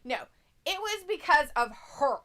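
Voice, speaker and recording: A woman co-hosts a laid-back live stream, reading out viewer comments with plenty of giggles and casual swearing. Her voice sits high and swoops up and down a lot. It has a bright, forward ring. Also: animated, normal speed. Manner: giggly, swears freely, jokey mock-crying.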